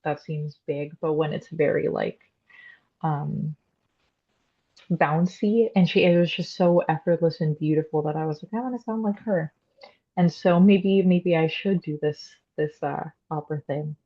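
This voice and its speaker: A woman's voice: sits low, fairly even intonation, measured pace, lo-fi sound. A young woman, a classically trained soprano, explaining voice types in a casual interview with frequent "um" and "like". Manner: explanatory, many "um" and "like" fillers.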